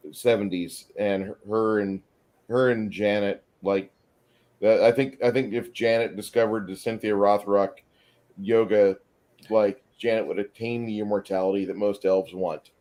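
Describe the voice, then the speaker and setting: A man's voice: lowish voice, fairly even intonation, a little slow, a little mellow. A man hosting a casual movie chat online, joking and bantering with his viewers. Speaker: host.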